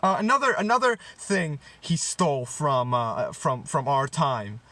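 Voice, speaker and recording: A young man rants in a mock-serious comedy style, tripping over his words and breaking into sarcastic outbursts. His voice sits a bit high and swings widely in pitch. The sound is dry and close. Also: very animated, unhurried, pushed and bright, no echo. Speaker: comedy vlogger. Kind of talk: mock-serious rant to camera.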